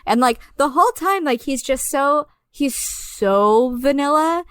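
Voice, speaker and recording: A woman co-hosting a casual film podcast, animated and quick to swear and laugh. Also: high-pitched, no room sound, studio quality. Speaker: podcast co-host.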